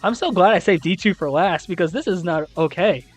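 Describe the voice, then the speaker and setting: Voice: mid-range voice, fairly quick, faint music behind. A young adult host recapping a college esports league, reading scores and ranting with exasperated disbelief and casual swearing.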